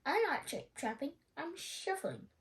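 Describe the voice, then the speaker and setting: A woman's voice: high-pitched, flat delivery, normal speed, a bit bright, pitched above the performer's own voice. A woman voicing a shy male troll in a storybook reading, speaking in a small, hesitant, stammering voice. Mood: timid.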